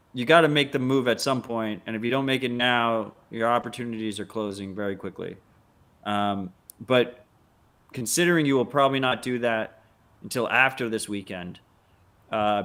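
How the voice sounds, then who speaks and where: A man's voice: fairly low pitch, a bit bright. A man co-hosting a casual podcast, blunt and wry, swearing freely. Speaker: podcast co-host.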